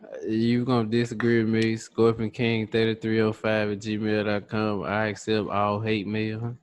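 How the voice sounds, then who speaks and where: A man's voice: fairly low pitch, completely flat delivery, moderate pace. A man co-hosting a podcast in casual chat, blunt and profane in his opinions. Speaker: podcast co-host.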